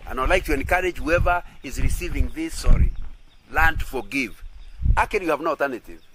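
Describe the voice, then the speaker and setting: A man gives a sermon-style talk with a fairly high voice that swings up and down. He keeps asking listeners to agree and often circles back over the same words. Faint noise sits behind him. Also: animated, brisk. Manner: often checks agreement with "isn't it?"; repeats and restarts phrases. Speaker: Christian teacher.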